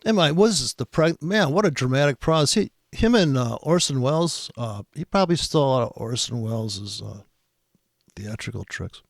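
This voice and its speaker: Gravelly, sarcastic trading commentator. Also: male voice, medium pitch, lively intonation, normal speed, no room sound, clean studio sound. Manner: exasperated, sarcastic, heavy swearing. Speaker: trading commentator reacting to a video. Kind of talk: profane reaction commentary.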